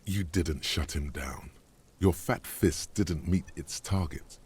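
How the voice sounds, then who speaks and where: An actor voicing a grim, deadpan inner narrator in a video game, gravelly and dry. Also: male voice, sits low, takes it slowly, full character voice.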